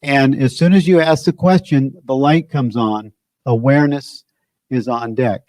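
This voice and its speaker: A man's voice: medium pitch, steady tone, unhurried, a little mellow, dry recording. A man giving an informal spiritual teaching talk, conversational and searching, often circling back on his phrases.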